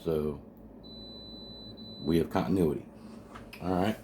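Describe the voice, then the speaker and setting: A man with a very deep voice walks through a kit build step by step at his workbench. He sounds eager and easily excited as he explains. The home video recording carries a steady hiss of background noise. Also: takes it slowly. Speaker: amateur radio hobbyist building a kit. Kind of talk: hands-on kit assembly walkthrough.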